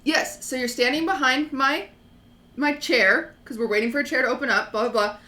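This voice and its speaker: A woman streamer with a bright, fairly high voice tells a story in casual chat. She is animated and acts out other people's lines, and her voice echoes in the room. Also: brisk.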